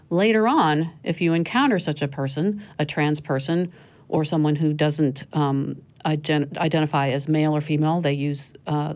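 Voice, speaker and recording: Hosting a relaxed panel discussion, a middle-aged woman talks freely in a low, grounded, slightly mellow voice. She laughs readily and keeps correcting herself as she goes.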